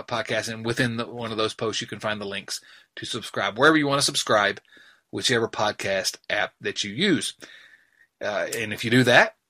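Bright, joking male podcast host. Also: medium pitch. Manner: joking, laughs at himself, rambling asides. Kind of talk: casual sports podcast chat.

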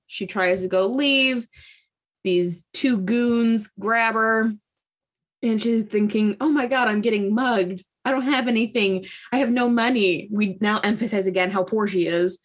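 A woman casually recapping a book's plot with a sarcastic, chatty delivery full of fillers. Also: mid-range voice. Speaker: podcast host. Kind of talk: casual chat recapping a book.

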